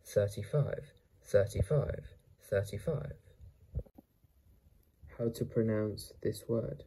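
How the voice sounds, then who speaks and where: A man repeating numbers over and over in a slow pronunciation drill, sometimes breaking them into single sounds. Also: fairly low pitch, dark tone, slightly rough, low-quality recording. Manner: repeats each number many times, splitting it into sounds. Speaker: pronunciation teacher.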